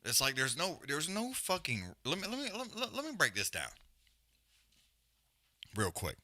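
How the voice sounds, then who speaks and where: A man's voice: fairly high pitch, wildly swooping pitch, normal speed, sharp tone. A man hosting a live show, ranting bluntly with constant swearing and emphatic repetition. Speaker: podcast host. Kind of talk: profane rant on a live stream.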